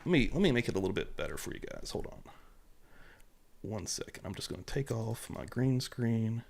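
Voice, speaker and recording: A young adult man hosting a casual livestream, animated and excitable, swearing casually as he greets viewers. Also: lowish voice, fairly quick, creaky. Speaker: livestream host.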